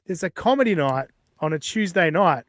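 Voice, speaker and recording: Male podcast host, profane and blunt, raised pitch, dry sound. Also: animated, moderate pace, a bit bright, no echo. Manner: profane, blunt, laughs between jabs. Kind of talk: casual podcast banter.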